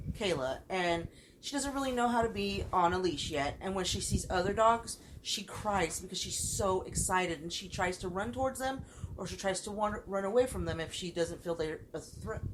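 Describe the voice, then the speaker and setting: A woman's voice: mid-range voice, expressive, moderate pace, noisy background. A woman co-hosting a podcast, telling a story in casual chat with heated, profane delivery. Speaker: podcast co-host.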